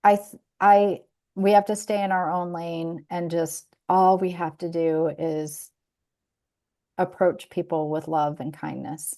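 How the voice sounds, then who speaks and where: Lowish, dark-toned and measured, with fairly even intonation, this woman co-hosts a podcast and tells a story in casual conversation. She laughs frequently and keeps restarting her sentences.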